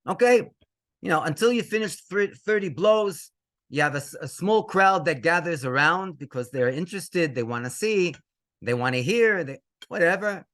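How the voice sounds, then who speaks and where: A man telling a story as a rabbi, his voice sitting a little high and swinging widely up and down. He speaks with lively emotion, drops in Hebrew words and chuckles as he goes. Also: moderate pace. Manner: animated, mixes in Hebrew phrases, laughs between lines. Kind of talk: storytelling to an audience.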